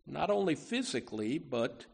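A man preaching a sermon from the pulpit, earnest and deliberate, often saying "you know" and restarting phrases. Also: a little high, sing-song, gravelly, slightly rough. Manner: slow, deliberate delivery with emphatic rises. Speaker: pastor.

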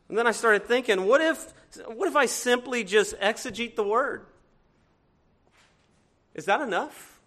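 A pastor with a fairly high voice for a man and an accent that blends Cajun with northern speech. He preaches conversationally in a church, tossing rhetorical questions at the congregation and swinging between loud and hushed. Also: a little slow, pauses often. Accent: Cajun mixed with northern US. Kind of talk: sermon.

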